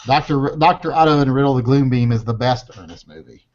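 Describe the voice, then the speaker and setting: Man, quick talker, profane wisecracks, muffled sound, casual chat. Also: mid-range voice, darkish tone. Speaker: panelist.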